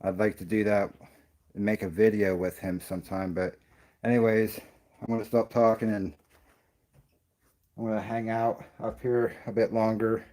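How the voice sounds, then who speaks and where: A man's voice: fairly low pitch, level tone, moderate pace, pauses often, mellow. A man doing a paranormal investigation vlog, out of breath and rambling as he talks to the camera. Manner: rambling, self-interrupting. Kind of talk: casual vlog talk.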